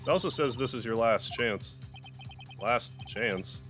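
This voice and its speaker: Man gamer, mid-pitched, wry asides, faint game music behind. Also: unhurried, fairly bright tone. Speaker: gaming YouTuber. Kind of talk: let's play commentary and reading.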